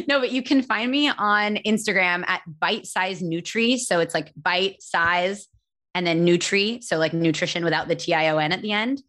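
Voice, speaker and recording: A woman's voice: lowish voice, animated, fairly bright tone. A woman podcaster talking about herself as a guest in a casual interview, chatty and self-deprecating, often laughing at herself. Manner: fast, restarts mid-sentence.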